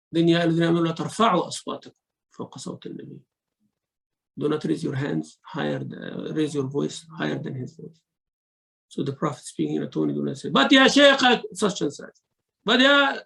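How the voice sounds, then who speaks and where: A man giving a religious lesson, mixing quick recitation into his English explanations and acting out examples of speech. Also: a little high, flat delivery, vocal fry, poor audio. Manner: mixes Arabic recitation into English teaching, acts out rude and polite speech. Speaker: sheikh teaching Quran commentary.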